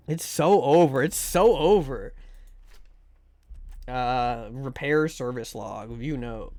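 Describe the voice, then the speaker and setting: A male streamer rambles and jokes through a live game session, swearing freely and reacting to his viewers. His voice sits a little high and bounces around with lively swings in pitch. The sound is close and dry, with little room echo. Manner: joking, swearing, rambling, reacting loudly to chat. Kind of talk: casual live-stream commentary while gaming.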